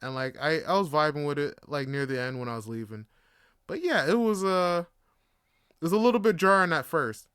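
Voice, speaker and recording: A young Canadian man hosts a podcast, rambling through a casual monologue in a laid-back style full of fillers and swearing. His voice is a little high and fairly bright, with lively intonation and a slightly fast pace, recorded cleanly in a studio with no room sound.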